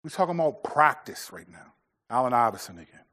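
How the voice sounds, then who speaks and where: A man's voice: mid-range voice, big pitch swings, fairly quick, fairly bright tone. A middle-aged man preaching a sermon in a loose, conversational way, with many restarts and fillers. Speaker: pastor.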